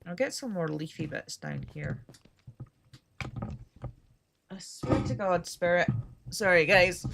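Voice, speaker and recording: A woman's voice: lowish voice, expressive, takes it slowly, gravelly, pauses often, noisy background. A Scottish woman from Scotland, chatting casually and rambling with dry humor while she streams a game. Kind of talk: casual chat while gaming.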